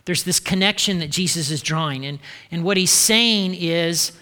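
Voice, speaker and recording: A male pastor delivering a lively sermon in a high, bright voice. He preaches with animation, dropping into short spoken voices to act out what he describes. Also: normal speed.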